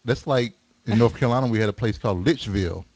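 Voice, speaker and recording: An American man co-hosting a podcast, chatting in an animated way and laughing easily. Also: lowish voice, quick pace. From United States. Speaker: podcast co-host. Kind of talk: casual podcast chat.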